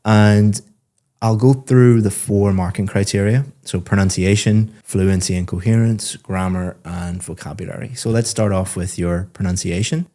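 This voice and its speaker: A man acting as a speaking-test examiner, asking questions and then giving a student measured, encouraging feedback. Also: lowish voice, steady tone, warm tone. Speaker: IELTS examiner and teacher. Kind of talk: exam questions and spoken feedback.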